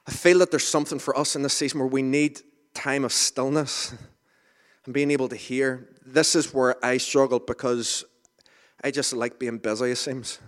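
A man's voice: medium pitch, flat delivery, moderate pace. A man preaching an informal sermon in a conversational, self-deprecating way, with asides and restarts. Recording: reverberant hall.

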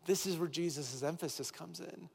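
A man's voice: fairly high pitch, normal speed, gravelly, husky. A pastor delivering an earnest sermon, repeating key phrases as he builds intensity. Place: church sanctuary with long reverb. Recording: reverberant hall with soft music behind.

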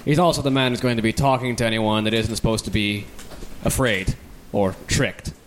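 A man introducing his tabletop character in a measured, fairly fluent way with a few fillers. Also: lowish voice, steady tone, slight background noise. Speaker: tabletop game player.

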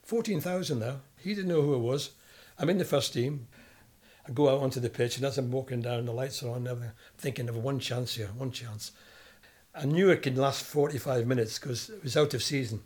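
Older Scottish ex-footballer, lively storyteller who mimics the people he quotes. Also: medium pitch, brisk, breathy edge. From Scotland. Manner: animated storyteller, acts out quoted voices. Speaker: guest, former footballer. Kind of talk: storytelling interview.

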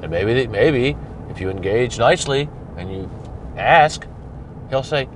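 A man's voice: medium pitch, lively intonation, moderate pace. Give me a blunt, cussing man telling a casual story, with faint street noise behind. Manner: blunt, profane, conversational.

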